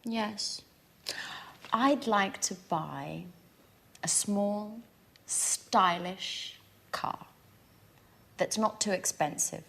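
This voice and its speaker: A woman's voice: mid-range voice, drawn-out words, gravelly, long pauses, fairly bright tone, full character voice. A woman playing an eager young woman asking advice. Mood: friendly. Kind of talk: scripted dialogue for learners.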